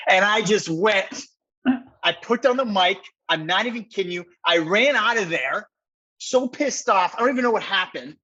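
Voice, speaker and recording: Husky-voiced guy rambling through a story on a podcast, kinda muffled sound. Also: high-pitched, normal speed. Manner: excited, rambling, heavy use of "like". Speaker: podcast guest. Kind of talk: animated storytelling in conversation.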